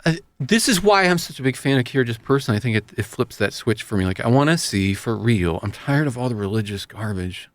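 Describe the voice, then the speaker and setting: A man in middle pitch talks earnestly and a little ramblingly, often poking fun at himself. His voice is close and dry, with no room sound around it. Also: animated, quick pace, few pauses, no room sound. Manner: earnest, rambling, self-deprecating. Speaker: radio host. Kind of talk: casual chat.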